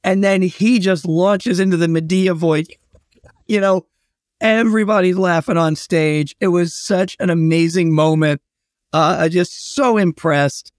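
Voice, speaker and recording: A man's voice: high voice, fairly even intonation, measured pace, dry recording, studio quality. Chatty male historian telling stories. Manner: anecdotal, chatty with fillers and restarts. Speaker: historian and guest. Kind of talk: casual storytelling interview.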